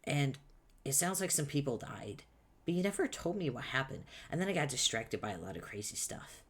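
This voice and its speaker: A man's voice: medium pitch, very animated, a little fast, fairly bright tone, husky, voice pushed up. A man voicing a cheerful, naive teenage boy, upbeat and a bit puzzled, reading a webcomic aloud.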